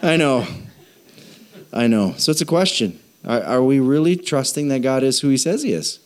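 A man, a pastor, preaching a sermon in a playful way, acting out little dialogues in quick voices. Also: mid-range voice, expressive.

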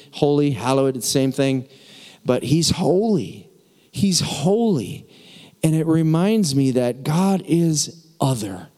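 Man preaching in a reverberant hall. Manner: conversational, speaks straight to the congregation; drops to a soft, low voice in prayerful moments. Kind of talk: sermon.

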